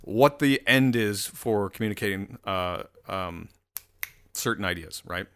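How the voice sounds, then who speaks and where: A man's voice: fairly low pitch, a little slow, a bit bright, clean tone. A man giving casual, profane commentary while scrolling through posts, rambling and mocking.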